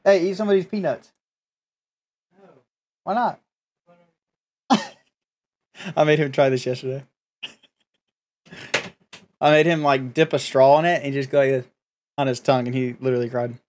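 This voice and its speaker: A man's voice: mid-range voice, moderate pace, pauses often, darkish tone. A man streaming from his room, chatting casually, joking, swearing and laughing often. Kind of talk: casual live-stream chat.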